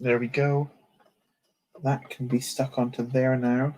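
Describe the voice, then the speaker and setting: A man's voice: mid-range voice, flat delivery, takes it slowly, darkish tone. A man chatting casually on a livestream while building a toy set, joking and poking fun at himself. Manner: chatty, joking, self-mocking.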